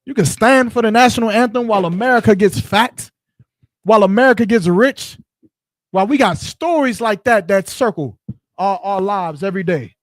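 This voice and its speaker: A man's voice: high voice, moderate pace, dry recording. A man teaching scripture in short punchy lines, asking rhetorical questions and directing a reader between verses. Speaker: Bible teacher. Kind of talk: street-style scripture teaching.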